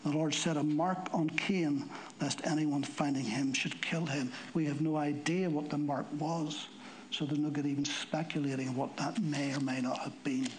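A man's voice: steady tone, normal speed, slight background noise, poor audio. A man preaching a sermon, reading scripture aloud and explaining it with emphatic, rising delivery. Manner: emphatic, climbing higher and louder when stirred.

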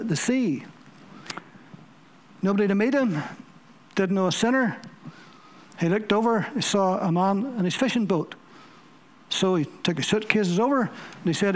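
A man preaching a sermon in a high voice. He tells his stories vividly, repeating words and phrases for emphasis as he builds them up. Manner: vivid storytelling with emphatic repetition.

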